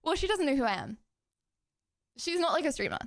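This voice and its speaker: A young woman hosts a live stream where she runs chat debates, talking to viewers in a casual, playful way. Her high voice swings widely in pitch as she jumps quickly between thoughts, bubbly and teasing herself. The sound is clean studio quality with no room echo.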